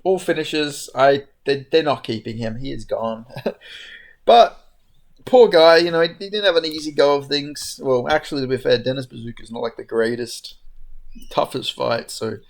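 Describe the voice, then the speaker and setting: A man's voice: mid-range voice, moderate pace, gravelly. A man hosting a casual, unscripted fight recap, talking frankly in a loose, rambling way with plenty of fillers. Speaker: MMA fight recap host.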